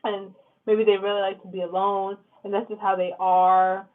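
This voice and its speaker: A woman's voice: medium pitch, level tone, moderate pace. Blunt, swearing woman tarot reader. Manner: blunt, profane, fillers like "like" and "okay?". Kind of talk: casual tarot reading to camera. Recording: lo-fi phone-like sound.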